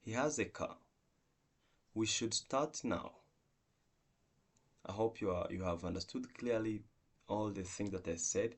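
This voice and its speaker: Low-voiced man teaching English grammar. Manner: explaining slowly with repeated example sentences. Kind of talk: online grammar lesson.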